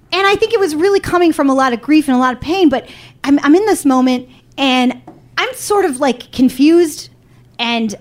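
A woman telling a comic personal story to a live audience, animated, blunt and profane, with a self-mocking edge. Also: high-pitched.

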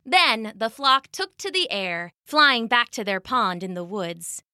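Lively, bright-voiced woman storyteller. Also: fairly high pitch, measured pace, no echo, studio quality. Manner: animated, expressive storytelling. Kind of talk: scripted narration of a children's story.

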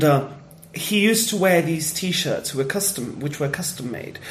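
A man who does stand-up, chatting casually on a podcast and telling stories with lively energy and frequent laughs. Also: mid-range voice, echoey room, slight background noise. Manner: animated storyteller, laughs often. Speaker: stand-up comedian.

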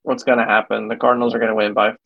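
A man's voice: lowish voice, little pitch movement, racing, gravelly, dry recording. A man in a casual podcast chat who throws in teasing, confident quips. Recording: dull, dry lo-fi recording.

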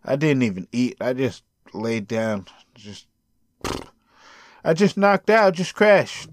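A man's voice: medium pitch, sing-song, takes it slowly, a little hiss or hum. A tired man hosting a casual solo podcast, rambling loosely, swearing freely and chuckling between thoughts. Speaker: podcast host.

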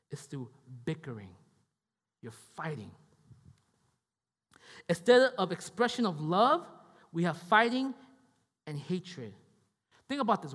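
Male pastor, casual sermon, animated pitch, reverberant hall. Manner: conversational, repeats himself, keeps checking in with "right?" and "okay?".

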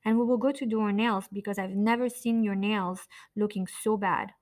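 A woman's voice: medium pitch, steady tone, normal speed, a little mellow, natural voice. A woman voicing a young girl who speaks to her mother in an earnest, sweet way.

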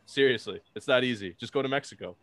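A man's voice: mid-range voice, fast, fairly bright tone, no room sound. A young man co-hosting a podcast, arguing in a casual comedic debate, boastful and swearing freely. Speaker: podcast co-host.

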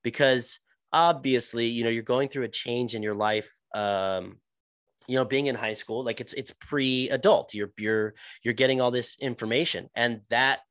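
A young man talks casually about acting, circling back on himself with fillers and restarts. His voice sits at a middle pitch, recorded close and dry with no room sound. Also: steady tone, normal speed, a bit bright, dry recording. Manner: rambling, many restarts and fillers. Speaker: actor. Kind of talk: casual podcast chat.

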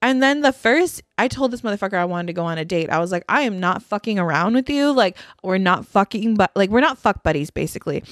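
A woman's voice: mid-range voice, lively intonation, fast, few pauses, no echo, clean studio sound. A young woman co-hosting a podcast, telling a story casually and bluntly, swearing a lot and often laughing. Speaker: podcast co-host. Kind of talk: casual chat.

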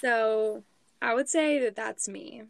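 Twenties Midwest woman, squeaky and expressive, slightly high with some fry, dry close mic. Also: slow, no echo. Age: 20s. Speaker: podcast co-host. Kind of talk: casual chat.

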